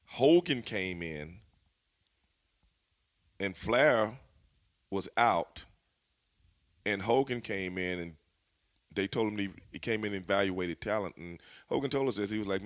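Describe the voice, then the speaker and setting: A man, a former pro wrestler, telling backstage stories in a casual interview, animated and full of profanity. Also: lowish voice. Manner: animated, profane, laughing storyteller.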